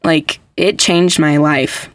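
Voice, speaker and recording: A woman's voice: low-pitched, steady tone, takes it slowly, no echo. A young adult woman hosting a podcast, chatting casually and emphatically with lots of "like" fillers. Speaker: podcast host. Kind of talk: casual faith podcast chat.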